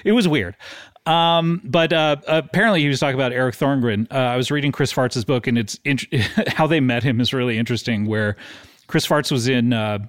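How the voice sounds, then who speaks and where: A man's voice: mid-range voice, brisk, no echo, studio quality. A man hosting a casual music podcast, telling stories with lots of fillers. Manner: rambling storyteller, many fillers. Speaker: podcast host.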